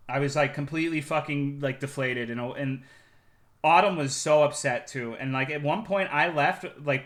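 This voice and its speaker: A man's voice: medium pitch, fairly bright tone. A young man streaming, telling a long rambling story in casual, profane chat, with many fillers.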